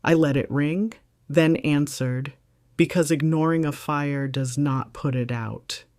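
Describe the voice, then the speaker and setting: A woman's voice: low voice, a little slow, a little mellow, no echo, studio quality. A middle-aged woman narrating her own story in the first person with a composed, wry, reflective delivery.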